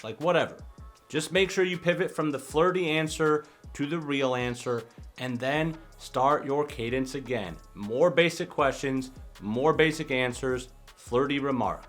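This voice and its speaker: A young man, a dating coach, talking casually to camera in an advice vlog and slipping in quick acted example lines. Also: medium pitch, fairly bright tone, soft background music. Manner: conversational, acts out example lines in quick asides.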